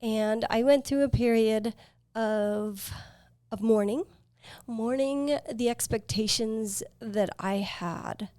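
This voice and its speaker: A woman in her fifties, hosting a podcast, telling her life story in an earnest, reflective way with pauses and fillers. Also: on the high side, mellow, no room sound. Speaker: podcast host. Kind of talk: personal storytelling.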